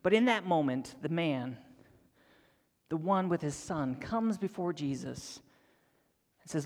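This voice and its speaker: A young man preaching a sermon, telling a Bible story dramatically, sometimes dropping to a near-whisper and sometimes acting out excited voices. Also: fairly high pitch, unhurried, long pauses. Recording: long hall reverb.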